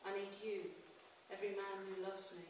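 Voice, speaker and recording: A woman's voice: medium pitch, level tone. Woman reciting poetry in an echoey hall. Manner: casual and halting between poems, rhythmic and emphatic when reciting. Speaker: poetry event host. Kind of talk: live spoken-word poetry and compering. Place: live event venue. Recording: echoey room, far from the mic, audible noise.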